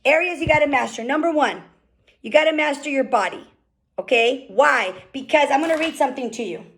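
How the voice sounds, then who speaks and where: Woman, high voice, motivational team call, fast and fired up, keeps asking okay?. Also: fairly bright tone. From California. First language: Spanish. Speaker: team leader speaking on a group call. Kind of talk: motivational business talk. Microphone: call microphone.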